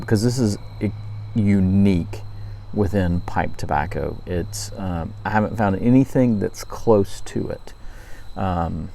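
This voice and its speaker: Man from Louisiana, gravelly, mellow dark tone, rambling casual review, crickets behind. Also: fairly low pitch. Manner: relaxed, rambling, frequent ums and self-corrections. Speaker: pipe tobacco reviewer. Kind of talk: casual night-time review vlog.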